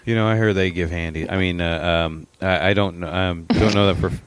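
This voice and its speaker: A man's voice: low-pitched, steady tone, fairly quick, slight background noise. A man co-hosting a podcast, joking around in casual banter and often restarting his sentences. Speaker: podcast co-host. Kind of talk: casual chat.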